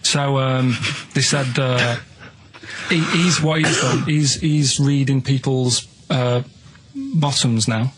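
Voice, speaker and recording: A man on a radio show telling odd stories in a halting, deadpan way, full of restarts. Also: mid-range voice. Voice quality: plain flat way of speaking, halting with many restarts. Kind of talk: rambling deadpan storytelling. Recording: noisy radio studio recording.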